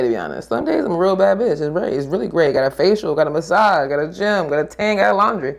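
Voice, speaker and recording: A woman's voice: fairly low pitch, animated, quick pace, creaky, hardly any pauses. A woman who works as a yoga therapist, chatting casually in a podcast conversation, rambling and laughing often as she trails off and restarts.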